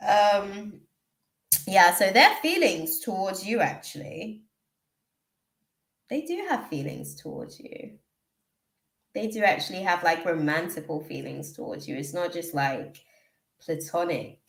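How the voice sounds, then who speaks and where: A woman's voice: fairly low pitch, sing-song, unhurried, vocal fry, pauses often, a bit bright, roomy sound. A woman giving a live tarot reading, chatty and emotional, often drifting off to read out names from the chat. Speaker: tarot reader.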